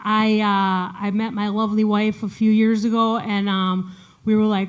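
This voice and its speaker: A woman's voice: mid-range voice, flat delivery, moderate pace, smooth. A woman doing a stand-up set, chatty and self-deprecating, with lots of fillers and restarts. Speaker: stand-up comedian. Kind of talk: stand-up set performed remotely. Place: studio, audience not audible.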